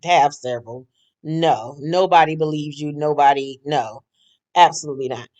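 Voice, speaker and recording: A woman's voice: low-pitched, moderate pace, a little mellow, muffled recording. A woman giving a casual, gossipy, profane recap of a reality show, blunt and sassy in her opinions.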